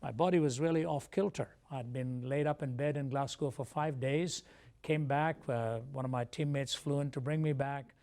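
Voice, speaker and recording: A man from India with a gravelly edge to his voice. He tells his story as a guest on a TV interview, measured and earnest, at a middle pitch. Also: steady tone, darkish tone.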